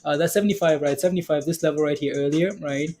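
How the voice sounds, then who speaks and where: A man's voice: a little high, fairly even intonation, quick pace, a little mellow. Laid-back man hosting a stock livestream. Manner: laid-back, laughs a lot, asks for confirmation with "right?". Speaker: stock market livestream host. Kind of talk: casual live market chat.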